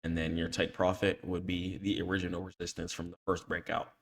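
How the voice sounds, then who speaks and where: Deep gravelly man with slangy chart talk. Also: little pitch movement, fairly quick. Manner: slangy, repeats "okay?" after nearly every point; scolds emphatically when warning against emotional trading. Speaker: trading educator. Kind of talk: screen-share chart tutorial.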